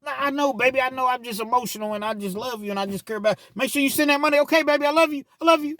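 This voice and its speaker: A man's voice: very high voice, rapid-fire, bright, forceful tone, dry recording, clean studio sound, pitched above the performer's own voice. A man voicing a needy, manipulative jailed boyfriend who pleads and sweet-talks over the phone. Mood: whiny ranting. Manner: pleading, whiny, sweet-talking.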